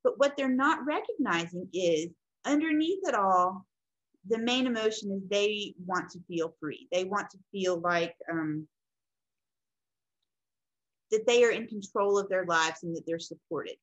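A woman teaching a casual lesson, talking in a rambling, conversational way with fillers and self-corrections, gently reflective about feelings. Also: medium pitch, animated, measured pace, poor audio. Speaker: instructor. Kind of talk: casual recorded lecture.

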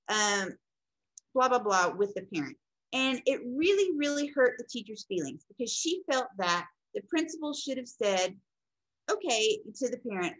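Animated woman teaching counseling. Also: a little high, moderate pace, low-quality recording. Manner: animated, acts out quoted people. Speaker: counseling instructor. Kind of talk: informal teaching lecture.

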